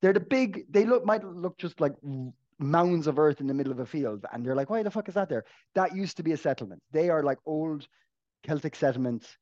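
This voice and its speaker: A man's voice: fairly high pitch, expressive, a little fast, a little mellow, highs cut off. A man co-hosting a casual podcast, joking and laughing often as he talks, with frequent restarts. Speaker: podcast co-host.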